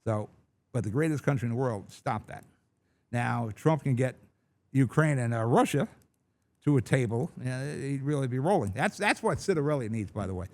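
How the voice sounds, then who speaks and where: Blunt, rambling middle-aged radio host. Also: male voice, medium pitch, lively intonation, normal speed. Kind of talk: talk radio monologue. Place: large studio.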